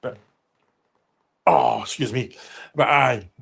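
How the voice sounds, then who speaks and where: A man's voice: medium pitch, lively intonation, slow pace, creaky, a bit bright, breathy edge. A Scottish man hosting a casual livestream, rambling and swearing as he reads out viewer comments. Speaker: livestream host.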